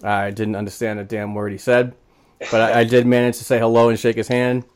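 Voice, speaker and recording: A man's voice: medium pitch, level tone, a little fast, a little mellow. A man hosting a casual sports podcast, rambling with lots of fillers and restarts. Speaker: podcast host.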